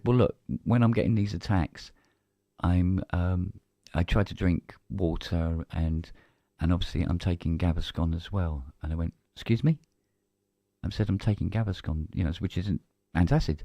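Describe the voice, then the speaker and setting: A British man with a deep, mellow voice speaks steadily at a normal pace, with no echo. He co-hosts a casual live-stream chat and tells a story by acting out both sides of a conversation.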